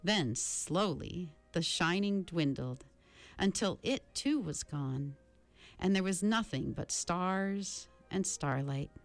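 A woman reading a novel aloud slowly and expressively. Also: on the low side, faint music behind. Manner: slow, expressive storybook reading. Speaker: reader.

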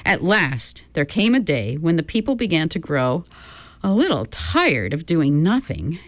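A woman's voice: deep voice, sing-song, unhurried, no echo. A woman reading a storybook aloud, giving each character their own voice.

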